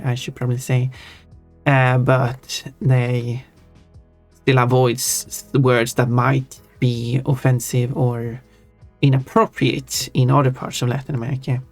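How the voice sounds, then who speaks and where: A man's voice: medium pitch, little pitch movement, normal speed, soft background music. A man livestreaming while he draws, chatting casually and thinking aloud, often stopping to correct himself mid-sentence. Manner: rambling, thinking aloud with frequent self-corrections. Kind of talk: casual chat while drawing on stream.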